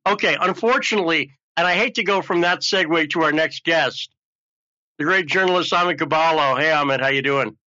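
A male talk show host rambles along fairly quickly in casual, joking chat. His voice is a bit high, bright and forward, though the audio comes across somewhat muffled and lo-fi.

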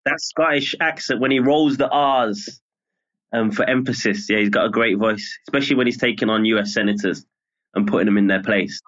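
Man with a Birmingham accent, relaxed. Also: on the low side, fairly quick. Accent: Birmingham English. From Birmingham, England. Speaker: journalist guest. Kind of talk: casual interview. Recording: lo-fi muffled audio.

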